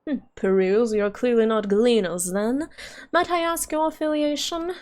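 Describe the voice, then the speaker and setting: A man's voice: extremely high pitch, unhurried. A woman voicing a fussy male archive custodian in a pinched, nasal voice. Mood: prim. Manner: prim, bureaucratic.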